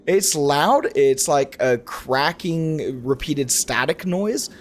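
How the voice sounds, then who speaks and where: A man's voice: on the high side, slow pace, slight background noise. A young man giving casual, rambling commentary as he plays a video game, often restarting his sentences. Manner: rambling, animated, frequent self-corrections. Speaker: gaming YouTuber.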